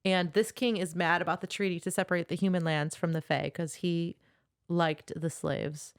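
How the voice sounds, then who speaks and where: A young woman with a somewhat low voice, recapping the plot of a book in relaxed, friendly podcast chat. The recording is dry and close to the mic. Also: normal speed, no room sound. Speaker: podcast co-host.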